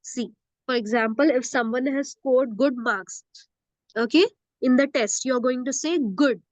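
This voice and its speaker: A woman's voice: high voice, measured pace, no room sound. A woman teaching English grammar, patiently repeating words and checking understanding, mixing in Hindi. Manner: patient, repetitive, often checks "okay?" and slips into Hindi. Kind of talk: classroom lesson.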